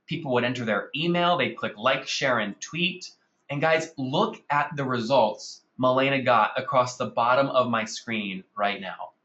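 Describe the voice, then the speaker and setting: A man's voice: medium pitch, a little slow, sharp tone, reverberant, muffled recording. A man hosting a marketing webinar, speaking energetically and calling his audience guys. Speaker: webinar host.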